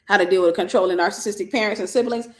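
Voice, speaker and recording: A ministry host and mentor leads a faith-based livestream, teaching conversationally in a very fast, mid-range voice. She quotes scripture and thinks aloud as she explains, and the recording carries a roomy echo.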